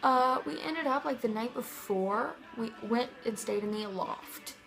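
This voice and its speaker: Young woman vlogger from Missouri, raised pitch with lots of vocal fry, rambling excitable storytelling, faint music underneath. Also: a little slow, poor audio. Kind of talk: casual vlog storytelling.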